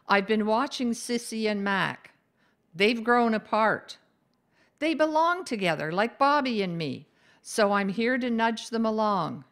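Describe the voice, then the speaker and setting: A woman's voice: a little high, animated, a little slow, a bit bright, voice pushed up. Woman reading as a bossy, meddling ghost. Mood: brisk, upbeat. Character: bossy cheerful female ghost, restless meddler.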